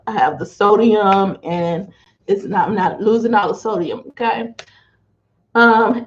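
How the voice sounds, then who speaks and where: A woman talking casually to camera, chatty and unhurried as she walks through her daily meal plan. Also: mid-range voice. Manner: chatty, unhurried, showing food items to camera. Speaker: financial wellness coach sharing diet vlog. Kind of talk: casual chat. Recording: dull lo-fi home video audio.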